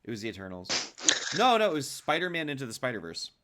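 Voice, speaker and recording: A man's voice: medium pitch, big pitch swings, fast talker, sharp tone. A man co-hosting a casual film podcast, rambling and restarting his phrases as he talks. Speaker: podcast co-host.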